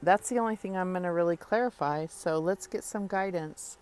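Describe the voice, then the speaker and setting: A woman giving a spoken tarot reading, talking earnestly and reassuringly straight to the listener, with pauses and fillers as she thinks. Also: fairly low pitch, a little mellow, clean tone. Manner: thoughtful with frequent pauses and fillers. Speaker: tarot reader.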